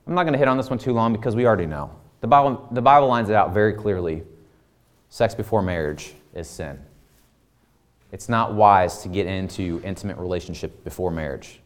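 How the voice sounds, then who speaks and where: A man's voice: on the low side, brisk. A man in his thirties preaching a conversational sermon full of rhetorical questions. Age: 30s. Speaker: pastor.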